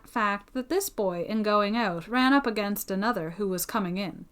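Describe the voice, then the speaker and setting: A woman reading a Victorian novel aloud as an audiobook reader, in a measured storytelling manner. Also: medium pitch, pushed and bright, clean tone.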